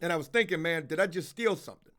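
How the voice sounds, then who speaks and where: A man hosts a livestream, rattling off a rambling story fast in a fairly high voice. The telling is casual and profane, and he animatedly plays both speakers in the dialogue.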